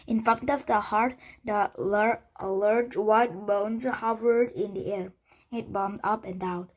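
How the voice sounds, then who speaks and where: A woman reading a children's chapter book aloud, halting with frequent restarts and slips. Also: mid-range voice, steady tone, poor audio. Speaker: storybook reader.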